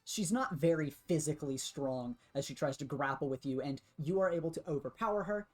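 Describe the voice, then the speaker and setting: A woman narrating a tabletop game as game master, relaxed and giggly, with many fillers. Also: sits low, brisk, faint music behind.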